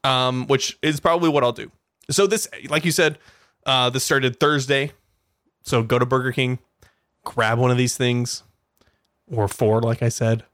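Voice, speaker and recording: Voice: medium pitch, fairly even intonation, unhurried, long pauses, a bit bright, no echo, clean studio sound. A podcast co-host in casual banter, giggly and playfully disgusted, talking over a remote call. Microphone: remote call mic.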